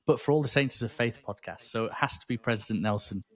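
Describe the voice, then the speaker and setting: A man's voice: mid-range voice, quick pace, dry recording. A man, a podcast guest speaking thoughtfully and earnestly about his faith, often restarting his sentences. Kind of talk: reflective faith interview.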